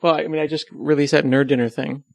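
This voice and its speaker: Gravelly joking man. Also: fairly high pitch, little pitch movement, fast, dry recording. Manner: joking, self-deprecating, rambling. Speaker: podcast host being interviewed. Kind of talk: casual conversational podcast.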